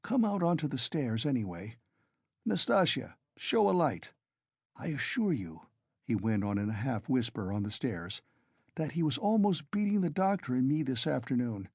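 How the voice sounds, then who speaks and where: Brief: tipsy loud young man, read by a man, blustering, lively swings, mellow tone. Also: on the high side, vocal fry, husky, dry recording, voice pushed up, full character voice.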